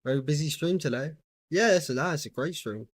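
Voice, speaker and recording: A young British man chatting casually with his viewers while playing a game on a livestream, relaxed and easygoing as he greets viewers and answers their questions. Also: on the high side, a little fast, no room sound, clean studio sound. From United Kingdom. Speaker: gaming livestreamer.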